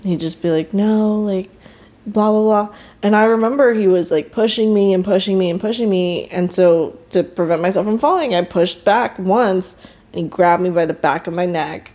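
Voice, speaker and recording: Young woman guest, candid and emotional storyteller, frank, mid-pitched voice. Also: brisk, darkish tone. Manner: emotional, frank, quotes others in raised voice. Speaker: podcast guest.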